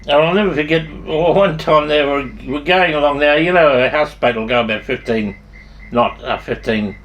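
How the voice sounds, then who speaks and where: An older Australian man with a somewhat high, slightly bright voice at normal speed tells rambling, salty anecdotes from his past. He swears freely and keeps restarting his sentences.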